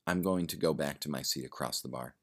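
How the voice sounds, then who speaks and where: A man's voice: rumbling low, fast talker, exaggerated voice. A man voicing a prickly, well-off woman who answers defensively in a bar. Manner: defensive, sharp retorts.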